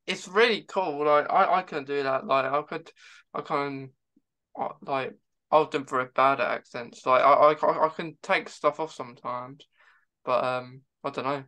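A man hosts a relaxed chat. His voice sits mid-range and sounds bright. He restarts his sentences often and repeats words as he searches for what to say. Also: medium pitch, normal speed. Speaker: host. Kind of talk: casual interview chat.

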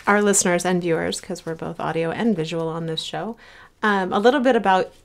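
A woman hosting a podcast, interviewing her guest in a conversational way, reacting warmly and asking follow-up questions. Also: on the low side, fairly quick, gravelly. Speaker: podcast host.

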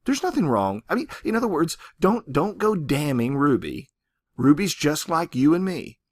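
A man lectures on a short story in a loose, conversational way, often asking "right?". His pitch moves in a lively way, and the recording is dry and close. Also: normal speed, no echo. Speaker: literature teacher.

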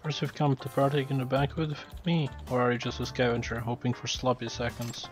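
A man's voice: mid-range voice, flat delivery, a little fast, soft background music, lightly acted. A man voicing a boastful, theatrical male villain with a grandiose, melodramatic delivery, reading the lines from a game. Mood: pompous.

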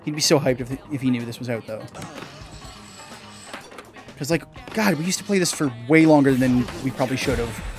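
A young man, a gaming channel host, giving casual gameplay commentary, chatty and excitable, swearing mildly and yelping when things go wrong. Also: fairly quick, pauses often. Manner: excitable, bursts into high yelps and laughs at mistakes. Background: faint game music.

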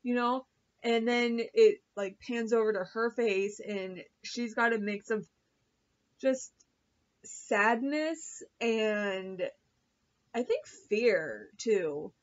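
A woman's voice: on the high side, slow, highs cut off. A woman vlogger reviewing a TV episode in a chatty, gushing way, full of fillers and swearing. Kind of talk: casual chat.

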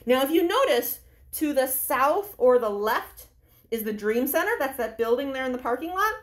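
A woman guides children along an outdoor park trail on a story walk. Her voice sits high and swings widely. She is playful, acts out sounds, and talks straight to the kids as she walks. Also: animated, moderate pace. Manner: acts out sounds and character lines. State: walking outdoors while talking.

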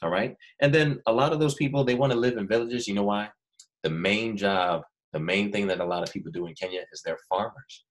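Male grade-school teacher, low voice, animated and encouraging, leads kids in call-and-repeat. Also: fairly quick. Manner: animated, coaxing children to repeat words. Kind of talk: remote classroom lesson. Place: Los Angeles.

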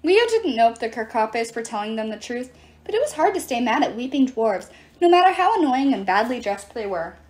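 A woman's voice: a little high, very animated, a little fast, darkish tone. A woman reading a novel aloud, narrating expressively and acting out the characters. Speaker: audiobook reader. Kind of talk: storybook narration.

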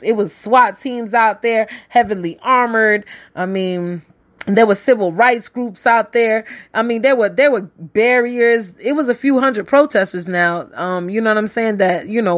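A woman hosting a casual news and politics show, talking straight to her listeners with sassy, slangy asides. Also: medium pitch. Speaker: podcast host.

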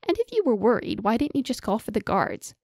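A woman's voice: on the high side, sing-song, a little fast, darkish tone, no room sound, clean studio sound, voice pushed up. A woman reading the lines of a cheeky, teasing young male enchanter. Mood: dismissive.

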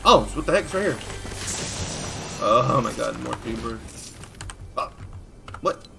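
A man giving live commentary as he plays a video game, jumpy and excitable, full of exclamations. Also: mid-range voice, measured pace, gravelly, over music. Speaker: gaming streamer.

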